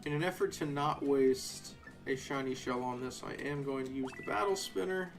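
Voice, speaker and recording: A young man casually commenting on a live game playthrough, shifting from quiet narration into animated, sarcastic rants. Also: mid-range voice, moderate pace, vocal fry, faint music behind. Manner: ranting, sarcastic, animated asides. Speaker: game streamer.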